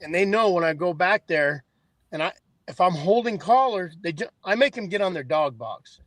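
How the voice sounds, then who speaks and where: A man's voice: high-pitched, lively intonation, normal speed, fairly bright tone, no echo. A man in a casual chat, telling loose, rambling stories.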